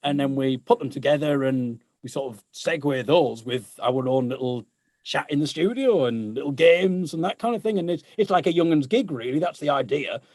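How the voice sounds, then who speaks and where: A man's voice: a little high, animated, moderate pace, a little mellow, no echo, studio quality. A man, a guest musician chatting casually and laughing often at himself. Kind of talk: casual chat.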